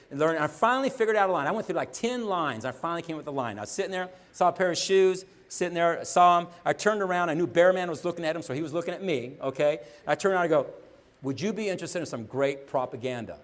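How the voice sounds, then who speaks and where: A man gives a motivational talk, telling a long story at a rapid clip. His voice sits on the higher side. He acts out both sides of each conversation, repeats himself as he goes, and keeps checking in with the crowd. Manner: animated storytelling, acts out dialogue, frequent "okay?"; fast, rambling, repeats words. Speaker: network marketing speaker.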